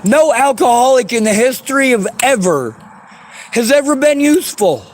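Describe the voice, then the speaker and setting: A man venting in an angry, profane rant, often shouting and swearing hard. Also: extremely high pitch, expressive, moderate pace. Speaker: vlogger.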